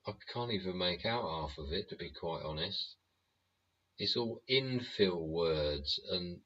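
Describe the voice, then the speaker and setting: A deep-voiced man hosts a live stream in a blunt, rambling rant full of swearing. His voice is husky yet forceful. The audio is dull and lo-fi. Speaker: livestream host.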